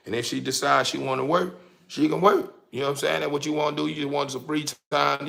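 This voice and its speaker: A man's voice: fairly high pitch, fairly even intonation, quick pace, gravelly, fairly bright tone. A man, delivering a heated, preachy monologue to his audience. He curses freely and stumbles over repeated words. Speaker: vlogger. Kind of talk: casual monologue.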